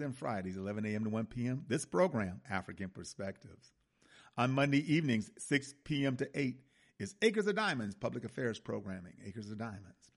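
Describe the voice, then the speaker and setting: A man's voice: medium pitch, vocal fry, a bit bright. A man hosting a radio talk show, giving impassioned, preachy commentary and addressing listeners as brothers and sisters.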